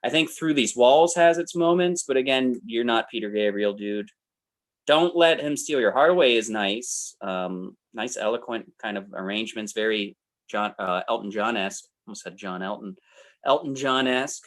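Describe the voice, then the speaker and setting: A man's voice: mid-range voice, moderate pace. A man co-hosting a podcast, chatting casually about albums in a rambling way, often trailing off and restarting. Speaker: podcast co-host. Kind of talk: casual music review chat.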